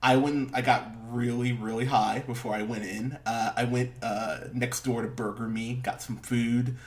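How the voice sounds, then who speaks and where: A man's voice: medium pitch, flat delivery, moderate pace. A man hosting a casual movie review podcast, rambling with lots of fillers, laughing and swearing as he talks. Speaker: podcast host.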